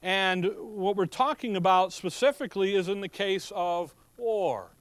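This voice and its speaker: A man's voice: sits high, a little slow, dry recording. A middle-aged male pastor preaching a sermon in a folksy manner, full of joking asides and rhetorical questions.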